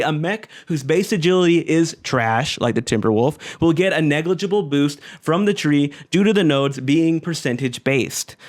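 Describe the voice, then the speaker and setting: Exasperated man narrating a game critique. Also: on the high side. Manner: exasperated, sarcastic, with sighs and dramatic pauses. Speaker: game commentator. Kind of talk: scripted video essay narration.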